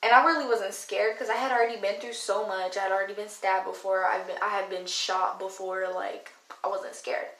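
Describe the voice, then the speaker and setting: A woman's voice: mid-range voice, fairly even intonation, a little fast, hardly any pauses, fairly bright tone. A young woman vlogger telling a story in a casual, blunt, slangy way, full of swearing. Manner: blunt, profane, slangy retelling. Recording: echoey room.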